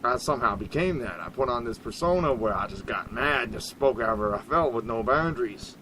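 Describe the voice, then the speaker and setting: A man hosting a casual internet radio chat, his voice sitting at a middling pitch. He rambles and jumps between loud outbursts and quiet asides, laughing often. A faint hiss of noise runs under the recording. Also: lively intonation, brisk.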